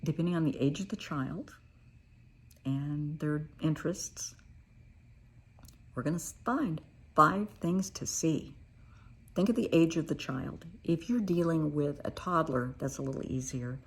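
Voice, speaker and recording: Calm low husky woman therapist. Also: a little slow, pauses often. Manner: calm, reassuring, demonstrates with playful voices. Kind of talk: teaching coping techniques.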